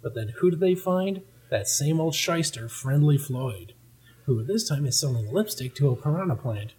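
A man's voice: on the high side, expressive, normal speed, a little mellow, husky, low-quality recording. A man hosting a casual comic read-through, joking and laughing as he narrates. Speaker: host.

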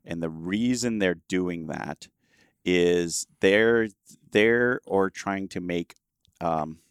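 A deep-voiced man talks in a casual conversation as a confident guest expert. He answers emphatically and often breaks in with quick agreement. The sound is dry and close. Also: clear, resonant tone, dry recording. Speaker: guest expert on web marketing.

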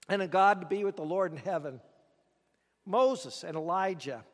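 Male preacher with a high voice, dramatic storyteller who asks the room rhetorical questions, heard with long hall reverb. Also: very animated, slow. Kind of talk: sermon.

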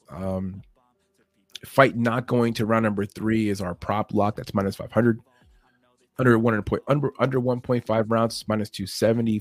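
A man's voice: fairly low pitch, no room sound. A man giving a casual, loose breakdown of fight betting lines in podcast style, restarting his sentences often. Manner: talks fast and loose, restarts often, chuckles at his own points. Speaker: MMA betting analyst.

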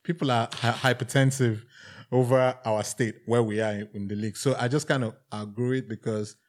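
Nigerian man, forties, music executive, animated guest storyteller, middling pitch, mimics the people he quotes. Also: a little fast. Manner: animated storyteller, acts out quoted voices, says "bruv". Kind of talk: casual interview storytelling.

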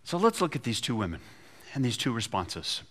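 A man's voice: mid-range voice, big pitch swings, brisk, fairly bright tone, slight background noise. A man preaching a sermon, retelling a scripture story and acting out the quotes with feeling. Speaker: pastor.

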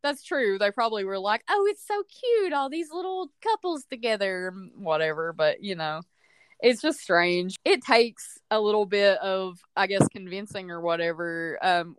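A woman co-hosting a casual movie review podcast, opinionated and animated, often acting out quotes. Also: fairly low pitch, normal speed, smooth, dry recording, clean studio sound. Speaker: podcast co-host.

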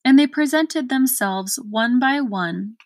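A woman narrates a storybook in a measured, deliberate way. Her voice sits a little high and moves slowly. The recording is close and dry. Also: expressive, no echo. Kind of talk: audiobook reading.

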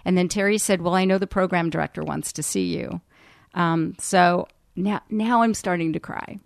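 A woman in her forties speaks in a fairly low voice, candid and chatty, often pausing on ums. She is a radio personality recounting events as a guest in an interview, close to the mic in a dry, dead room. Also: creaky, dry recording. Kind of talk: candid storytelling in a podcast interview.

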